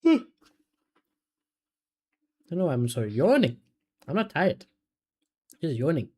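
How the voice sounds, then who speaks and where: A man, casually commentating a football match for his live chat and reacting loudly to chances. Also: a little high, big pitch swings, a little slow. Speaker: streamer hosting a football watchalong.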